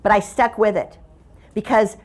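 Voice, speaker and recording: A woman's voice: mid-range voice, flat delivery, moderate pace, a little mellow. A middle-aged woman giving a humorous keynote talk, telling stories in a playful, conversational way. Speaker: motivational speaker.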